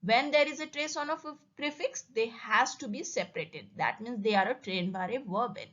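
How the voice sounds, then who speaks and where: A woman's voice: on the high side, normal speed, a bit bright, highs cut off. A woman teaching a German grammar lesson, explaining carefully and repeating example words so they can be drilled.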